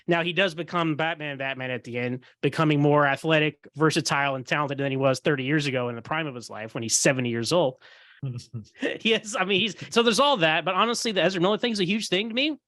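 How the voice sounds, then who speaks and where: High-voiced man hosting a heated podcast chat. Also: quick pace, no room sound. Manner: animated, heated ranting; acts out quoted voices. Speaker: podcast host. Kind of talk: casual roundtable chat.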